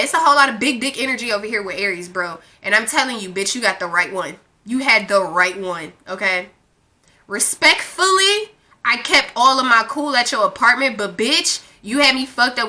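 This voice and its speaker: A young woman tells a storytime rant with brash, profane energy and an animated delivery. Her voice sits fairly high, and her tone is bright and forceful. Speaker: vlogger.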